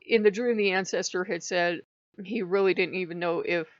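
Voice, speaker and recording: A woman's voice: fairly low pitch, moderate pace, no echo. A woman vlogger casually telling a rambling story, acting out remembered conversations in quotes. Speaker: spiritual vlogger. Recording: dull lo-fi dry sound.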